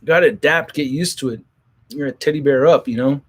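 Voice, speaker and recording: A man's voice: medium pitch, brisk. A man hosting a casual livestream, reading viewer comments and joking in a rambling, profane way. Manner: rambling, profane, jokey, many restarts. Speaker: toy collector channel host.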